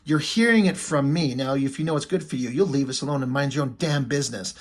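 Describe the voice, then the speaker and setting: A man's voice: mid-range voice, fast, natural voice. A man reading the lines of a violent, short-tempered boyfriend, in a casual, conversational way. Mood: angry.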